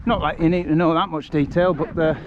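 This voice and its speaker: A man's voice: on the high side, steady tone, a little fast. A British man live-streaming as he walks through countryside on a charity walk. He chats loosely with viewers and is slightly out of breath. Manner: chatty, rambling, addresses viewers by name. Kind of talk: casual live-stream chat while walking. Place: outdoors on a country path among rice fields. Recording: dull lo-fi phone audio with outdoor noise.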